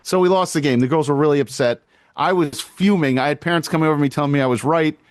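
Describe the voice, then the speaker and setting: A man's voice: a little high, fast talker, clean tone, no echo, clean studio sound. Fired-up, foul-mouthed male podcast co-host. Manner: animated storytelling, swears freely. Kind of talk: casual podcast chat.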